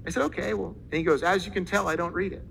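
A man preaching as a pastor, telling a story and acting out the people in it with lively quoted voices. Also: high voice, rapid-fire, creaky, slight background noise, poor audio. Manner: animated, acts out quoted voices. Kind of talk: sermon storytelling.

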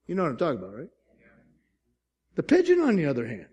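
A middle-aged man preaching a sermon as pastor, swinging between loud, fast stretches and quiet, drawn-out ones, often asking the congregation "Amen?". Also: fairly high pitch, wildly swooping pitch, husky.

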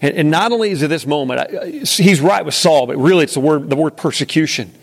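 Man teaching a group Bible study, high gravelly voice, casual and full of questions. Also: animated, quick pace. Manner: conversational, asks the room questions. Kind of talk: interactive Bible lesson.

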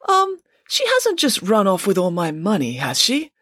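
A woman's voice: mid-range voice, wildly swooping pitch, normal speed, a bit bright, breathy edge, no echo, clean studio sound, voice pushed up, exaggerated voice. A woman voicing a timid, hapless schoolboy in a storybook reading. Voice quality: timid, hesitant.

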